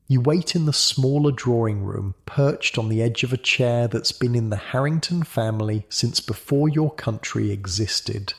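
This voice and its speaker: A man narrating a calm, soothing bedtime history story in the second person. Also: medium pitch.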